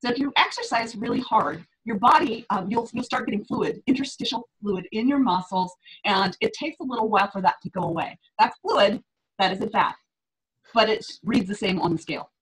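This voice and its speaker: A woman's voice: medium pitch, brisk, fairly bright tone, husky, rough recording. A middle-aged woman fitness coach on a group call, talking in a chatty way, laughing often and acting out her clients' reactions.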